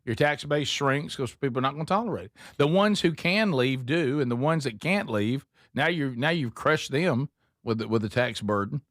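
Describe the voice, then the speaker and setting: A man hosting a talk radio show, speaking emphatically with quick opinionated asides in casual banter. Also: medium pitch, animated, fairly bright tone, no echo, studio quality.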